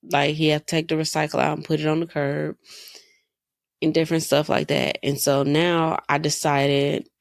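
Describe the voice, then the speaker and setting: A woman's voice: low-pitched, little pitch movement, normal speed, vocal fry, no room sound, studio quality. A woman in her thirties hosting a podcast, telling stories in a casual, exasperated way and firing off rhetorical questions. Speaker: podcast host. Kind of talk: casual monologue.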